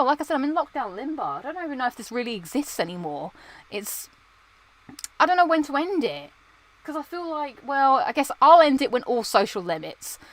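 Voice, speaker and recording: A woman's voice: medium pitch, a bit bright. A woman hosting a casual livestream chat show, rambling and chatty with a self-deprecating streak, talking indoors under lights. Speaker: livestream host.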